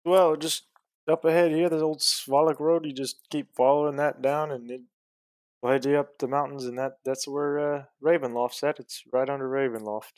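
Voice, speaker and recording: A man's voice: medium pitch, steady tone, no room sound, lightly acted. A man doing a folksy villager. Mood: helpful. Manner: halting, folksy. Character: plain-spoken male villager giving directions.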